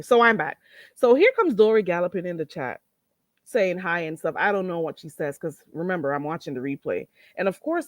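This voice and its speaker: A woman's voice: lowish voice, no echo. A woman hosting a casual livestream, recapping drama with blunt, profane commentary and frequent laughter at her own story. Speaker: livestream host.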